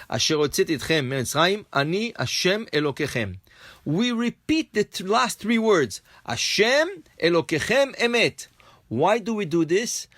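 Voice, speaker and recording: High-voiced rabbi explaining Talmud step by step. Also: male voice, no room sound, studio quality. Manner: explains step by step, repeats and restates points. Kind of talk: daily Talmud class.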